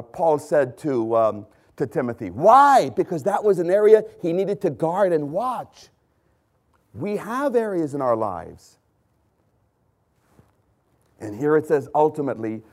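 A man preaching a sermon, swinging from loud emphatic lines to hushed ones and pausing to correct his own slips. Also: on the high side. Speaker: pastor.

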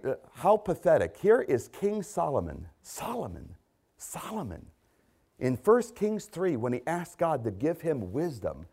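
Impassioned preacher man, lively pitch. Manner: impassioned, rhetorical questions, repeats key phrases. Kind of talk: sermon.

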